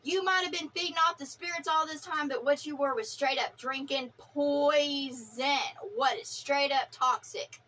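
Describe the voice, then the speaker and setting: Woman, high-pitched, preachy and profane, spiritual rant to camera, fiery and defiant. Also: fairly even intonation, unhurried, hardly any pauses, bright, forceful tone, slight background noise. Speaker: vlogger.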